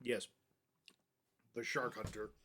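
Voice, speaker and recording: A man co-hosting a podcast in casual comedic chat, playful and quick to laugh and play along. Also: mid-range voice, flat delivery, pushed and bright, slight background noise. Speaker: podcast co-host.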